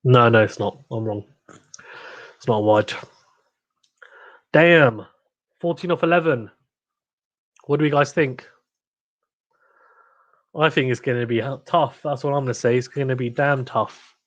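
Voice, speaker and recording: A young man hosting a cricket watchalong livestream, reacting excitedly, groaning and pleading with each ball. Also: mid-range voice, measured pace, long pauses, highs cut off. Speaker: livestream host.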